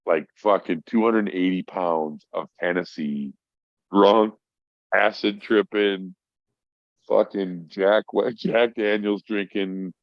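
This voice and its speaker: Middle-aged male podcast guest, deep voice, rambling war-story teller, swears freely, dry lo-fi sound. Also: fairly even intonation, takes it slowly, no echo. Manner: profane, rambling, acts out voices in his stories. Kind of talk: casual storytelling. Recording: dry, dull lo-fi audio.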